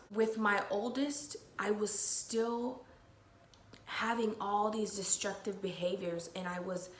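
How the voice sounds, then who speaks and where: A young woman hosts a podcast, sharing a personal story with listeners in candid, emotional talk full of swearing. Her mid-range voice sounds a bit bright, and the room is echoey with faint noise.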